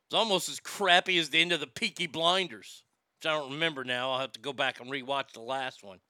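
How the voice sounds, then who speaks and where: A man's voice: mid-range voice, moderate pace, pauses often, bright, forceful tone, no echo, studio quality. A man hosting a live stream, chatting casually, ranting with profanity and reading viewer comments aloud.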